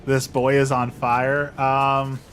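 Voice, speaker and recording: A man's voice: mid-range voice, completely flat delivery, slow pace, fairly bright tone, slight background noise. A young man chatting casually while playing a game, rambling with restarts and poking fun at himself. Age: young adult. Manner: rambling, self-deprecating, frequent restarts. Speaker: streamer. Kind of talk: casual gameplay chat.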